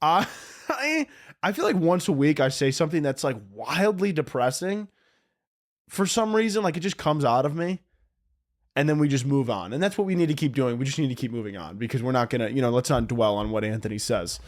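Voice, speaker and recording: A man's voice: medium pitch, lively intonation, a little fast. A young man hosting a solo podcast, rambling and cutting himself off, laughing at his own jokes. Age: young adult. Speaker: podcast host.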